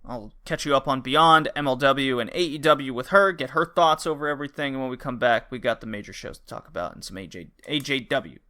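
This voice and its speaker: A young man hosting a podcast, chatting loosely with quick asides and laughs. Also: mid-range voice, bright, forceful tone. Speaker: podcast host. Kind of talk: casual chat.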